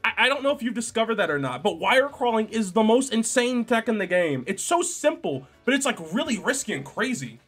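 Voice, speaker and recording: Lively young male streamer. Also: very high-pitched, a little fast, few pauses, husky, soft background music. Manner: chatty, jokey, reads chat aloud. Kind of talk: casual livestream chat.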